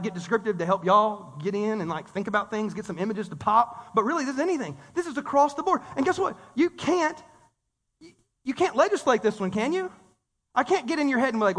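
Male pastor, very high and bright, lively conversational sermon, long hall reverb. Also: brisk. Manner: animated, conversational preaching with audience call-and-response.

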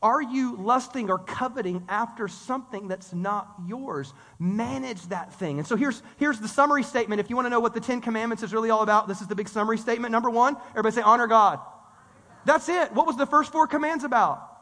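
High, bright-voiced pastor preaching in a hall. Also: male voice, fast. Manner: animated, conversational preaching with audience call-and-response. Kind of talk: sermon. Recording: reverberant hall sound.

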